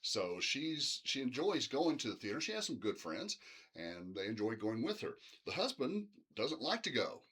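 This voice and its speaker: A man's voice: medium pitch, very animated, normal speed, fairly bright tone, breathy edge. A middle-aged man teaching literature in a casual, rambling recorded lecture, full of fillers like "uh" and "um".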